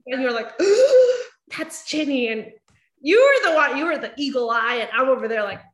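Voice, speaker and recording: A woman with a fairly high voice chats playfully with a friend. She sounds off mic, in an echoey room. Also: animated, brisk, a bit bright. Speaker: friend of the host. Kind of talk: casual chat.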